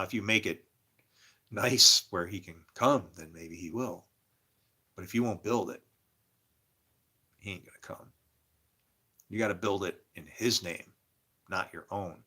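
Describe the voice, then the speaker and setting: Guy with a bright voice rambling about god and spirits, really animated. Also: fairly low pitch. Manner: animated storyteller, acts out quoted voices.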